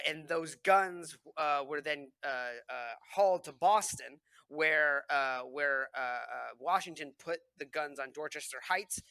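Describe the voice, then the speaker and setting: A man's voice: a little high, no room sound. A young man co-hosting a casual history podcast, telling stories in a rambling way, full of fillers and restarts. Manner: rambling, many fillers and restarts, animated storytelling. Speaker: podcast co-host.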